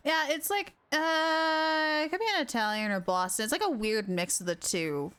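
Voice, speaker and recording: A woman's voice: high voice, normal speed, a bit bright. A young woman streaming a game live, bubbly and laughing a lot as she reacts and reads dialogue aloud.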